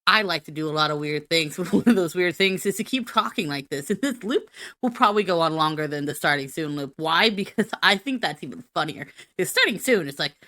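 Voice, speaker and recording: A woman's voice: on the low side, expressive, a little fast, sharp tone, no echo, studio quality. A woman streamer doing a silly, rambling, self-mocking be-right-back rant.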